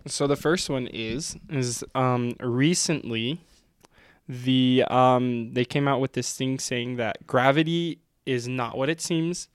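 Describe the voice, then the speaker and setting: A man's voice: mid-range voice, takes it slowly, smooth, no echo, studio quality. A man in casual podcast chat, explaining a news story with hesitant ums. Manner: explaining with ums, short agreements. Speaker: podcast co-host.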